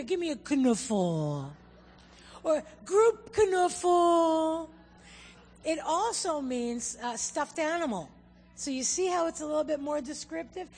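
Speaking to a congregation, an animated American missionary woman jokes, addresses listeners directly and works a language lesson into her humorous church talk. Her voice is higher. The church hall gives a long echo, and faint music can be heard.

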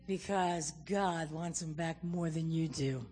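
A woman's voice: on the low side, moderate pace, few pauses, faint music behind. A woman guest preacher giving a sermon and telling stories, acting out what people and God said. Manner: animated storyteller, acts out quotes. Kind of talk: sermon with storytelling. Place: church. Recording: long hall reverb.

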